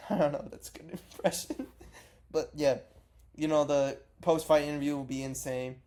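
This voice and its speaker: A man talks through a casual reaction vlog, rambling, swearing freely and correcting himself as he goes. His voice sits a bit high yet sounds soft and mellow. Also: steady tone, normal speed. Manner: rambling, profane, self-correcting. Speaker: MMA reaction vlogger.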